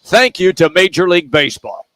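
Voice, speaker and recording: A man's voice: sits high, lively intonation, brisk, noisy background. Upbeat sports radio host, man. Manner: upbeat, steers to the next segment. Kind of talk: casual sports talk. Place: sports bar, live remote broadcast.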